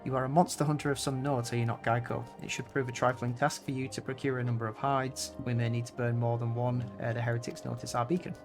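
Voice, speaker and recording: A man voicing an earnest young male scholar from a video game in formal, measured diction, with faint game music behind him. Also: medium pitch, level tone, natural voice.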